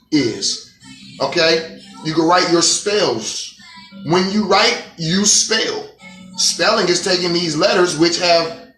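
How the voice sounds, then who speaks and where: A man's voice: fairly high pitch, a bit bright. A man hosting a casual livestream monologue, preaching in a profane, streetwise way. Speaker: host. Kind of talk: casual monologue on a live stream. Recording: echoey room.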